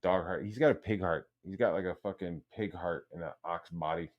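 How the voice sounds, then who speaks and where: Brief: male stream host, low voice, rambling and profane. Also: brisk, dull audio. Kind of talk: profane ranting livestream.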